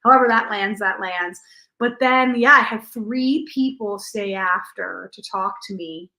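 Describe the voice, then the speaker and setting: A woman's voice: medium pitch, measured pace, bright, forceful tone, poor audio. A woman theatre performer chatting casually in a vlog, telling stories and acting out what people said to her. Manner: chatty storytelling, acts out quoted dialogue. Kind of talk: casual post-show vlog chat.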